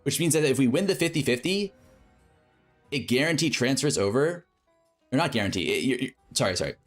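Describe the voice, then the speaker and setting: A man's voice: medium pitch, lively intonation, brisk, faint music behind. A man streaming a game, casually thinking aloud through a crafting plan and correcting himself as he goes. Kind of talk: explaining a game crafting strategy.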